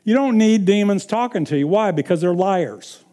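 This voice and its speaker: A man's voice: sits high, lively intonation, moderate pace, mellow. A man preaching a sermon, emphatic and repeating his points with frequent chuckles.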